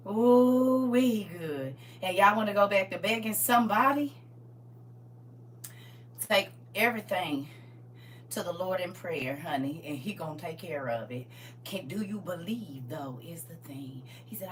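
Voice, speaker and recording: A woman pastor talking casually on a live stream about faith, swinging from loud exclamations to hushed asides. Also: mid-range voice, sing-song, slow, pauses often, distant mic, slight background noise.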